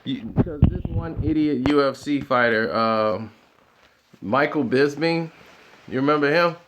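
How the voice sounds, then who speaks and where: A man hosting his own commentary channel, talking in an animated, argumentative way and laughing often. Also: mid-range voice, a little slow, a little hiss or hum. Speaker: boxing commentary channel host. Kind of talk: opinionated casual commentary.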